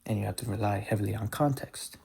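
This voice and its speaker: Male language teacher, slightly low and husky, patient and methodical. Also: steady tone, darkish tone. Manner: patient, repeats example words slowly. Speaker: Hebrew pronunciation teacher. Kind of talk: explanatory lesson.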